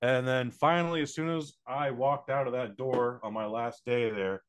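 A man's voice: mid-range voice, fairly even intonation, normal speed. A man co-hosting a podcast in casual chat, telling blunt, profane anecdotes. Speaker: podcast co-host.

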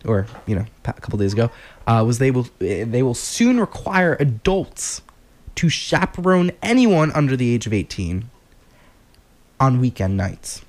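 A man's voice: mid-range voice, very animated, normal speed. A young man from New Jersey hosting a late-night college radio show, rambling and joking and correcting himself as he goes. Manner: rambling, self-correcting, jokey.

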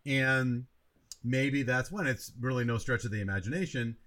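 A man on a movie review podcast talks in a plain mid-pitched voice. He thinks out loud, circling back and restarting his sentences as he goes. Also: moderate pace. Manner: reflective, rambling with many restarts. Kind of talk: casual movie review chat.

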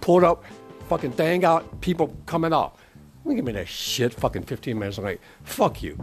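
A man's voice: a little high, moderate pace, faint music behind. A middle-aged man giving a casual, profane rant as a podcast host, swearing constantly and getting worked up. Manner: swears constantly, ranting and animated.

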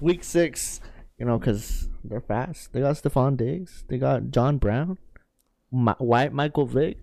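A young man hosts a podcast, ribbing his co-host before he steps through the show rundown. His voice sits at a middle pitch. The sound is dry, with no room echo. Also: dark tone. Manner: teasing, then announcer-like when reading the show rundown. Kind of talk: casual chat, teasing.

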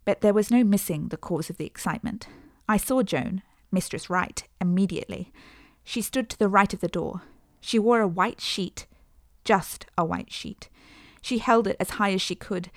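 A woman narrating a first-person story as an audiobook, in a measured, earnest way. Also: medium pitch, dry recording, clean studio sound.

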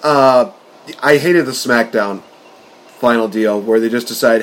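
Excitable man ranting as a wrestling fan. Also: medium pitch. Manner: excitable, fast-talking fan rants. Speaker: wrestling podcast co-host. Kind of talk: casual podcast chat.

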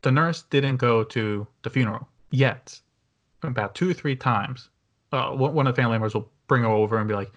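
A man's voice: mid-range voice, fairly quick, lo-fi sound. A man hosting a casual movie review podcast, talking in a rambling way with many fillers and restarts. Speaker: podcast host.

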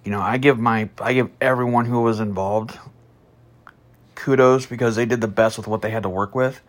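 A man telling a story about a past job as a podcast host, blunt and profane, starting slow and soft, then growing loud and heated. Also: mid-range voice. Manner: slow and soft at first, growing louder and animated. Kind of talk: casual storytelling monologue.

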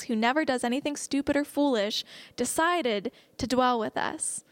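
Young woman preaching, kinda high voice, dry close sound, chatty and earnest. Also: smooth, no room sound. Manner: earnest and conversational, slips into excited laughs. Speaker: speaker teaching a Bible message. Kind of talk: casual sermon.

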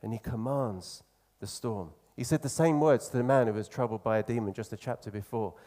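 A man preaching a sermon in an earnest, conversational way, slowing down to stress key phrases. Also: mid-range voice, mellow.

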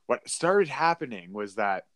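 A man's voice: medium pitch, very animated, a little slow, fairly bright tone. A young man co-hosting a podcast, telling a story in a rambling way with lots of fillers and laughs. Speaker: podcast co-host. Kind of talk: casual chat.

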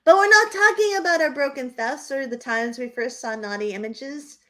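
A woman's voice: sits high, normal speed. A woman from New Hampshire co-hosting a podcast, telling stories in casual chat and laughing often. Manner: lively storyteller who laughs often. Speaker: podcast co-host.

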